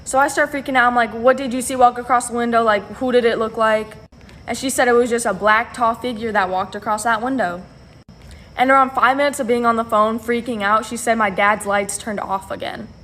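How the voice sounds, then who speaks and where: A woman's voice: a little high, fairly even intonation, a little fast, a bit bright. A woman telling a spooky personal story in a chatty, slangy way. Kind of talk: casual storytime.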